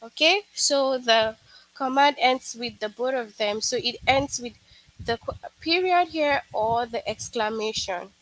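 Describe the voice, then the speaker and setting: A woman's voice: fairly high pitch, measured pace, a bit bright, dry recording, low-quality recording. A woman teacher giving an online grammar lesson for young children, patient and repetitive, often checking in with "okay?".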